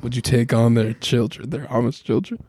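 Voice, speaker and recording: A man co-hosting a casual podcast, teasing the others with quick jokes. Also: mid-range voice, warm tone, husky, no echo. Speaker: podcast co-host. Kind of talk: casual chat.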